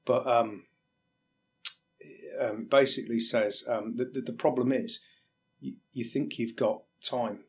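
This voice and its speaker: Man, from England, firefighter, interview guest, candid, halting, middle pitch. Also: steady tone. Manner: candid, halting, acts out quoted exchanges. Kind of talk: reflective interview talk.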